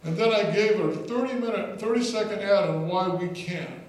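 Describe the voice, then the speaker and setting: At a political rally, a male state legislator gives an emphatic, story-driven speech in a high voice at normal speed, repeating words to drive points home. An echoey hall, a distant microphone, and faint background noise color the recording.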